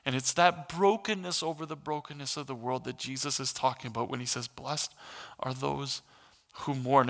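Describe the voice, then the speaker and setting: A middle-aged male pastor preaching in an earnest sermon that climbs into passionate emphasis. His voice is bright and edged with gravel, pitched a little high for a man, and it rings out in a long hall reverb. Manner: earnest, rises to impassioned emphasis.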